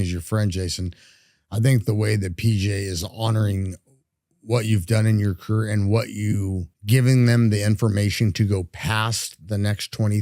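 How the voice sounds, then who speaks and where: A man's voice: lowish voice, a little mellow, dry recording, studio quality. A man hosting an interview, praising his guest at length. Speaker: host.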